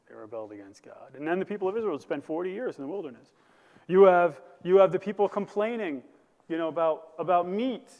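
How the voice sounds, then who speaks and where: A man's voice: high voice, animated, normal speed, a little mellow, big-room sound. A male pastor preaching a sermon, building to emphatic bursts and asking the congregation questions. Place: church sanctuary.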